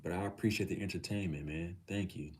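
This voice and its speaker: His voice low, darkish, and a little fast, a middle-aged Texan livestream host chats casually with his audience. He curses without restraint and calls his viewers nephew.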